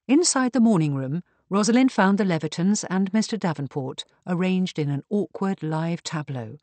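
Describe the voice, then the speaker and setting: A woman narrating a historical mystery audiobook in an even, measured reading. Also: on the low side, dry recording. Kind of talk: scripted narration.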